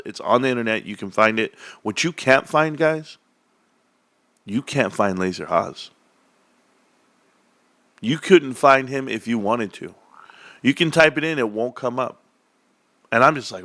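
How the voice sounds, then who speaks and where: A man's voice: medium pitch, pushed and bright, no echo. A man hosting a casual stock market livestream, rambling and joking while answering chat viewers. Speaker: livestream host.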